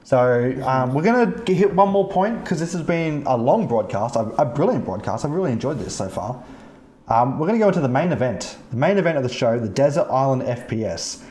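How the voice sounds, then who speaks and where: A man hosting a gaming podcast, telling stories in a casual, profane and animated way. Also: mid-range voice, fairly quick, reverberant. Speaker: podcast host. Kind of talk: casual chat, storytelling about gaming. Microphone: streaming mic.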